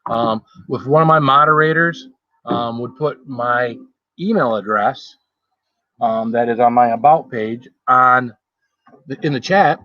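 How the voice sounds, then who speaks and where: A man talking casually on a live stream, rambling from one thought to the next and greeting viewers by name. His voice sits at an ordinary pitch and sounds close and dry. The sound is a little dull and lo-fi. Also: a little slow, no room sound. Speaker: food challenge livestreamer. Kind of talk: casual live-stream chat while eating.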